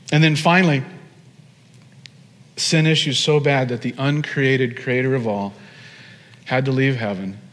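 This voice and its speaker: A man preaching a sermon as pastor, animated, stretching key phrases out slowly for emphasis. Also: a little high. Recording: long hall reverb.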